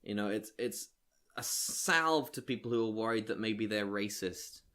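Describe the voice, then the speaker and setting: A man co-hosting a comedy review podcast, talking hesitantly and deadpan in casual chat. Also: on the low side, moderate pace. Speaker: podcast co-host.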